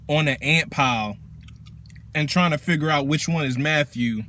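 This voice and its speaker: A man who works as a teacher casually explains spiritual practice in slangy, profane, animated talk. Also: a little high, normal speed.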